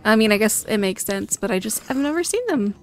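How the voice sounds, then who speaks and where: A woman hosting a gaming video, chatting through her gameplay with bubbly excitement and frequent delighted gasps. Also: mid-range voice, a little fast.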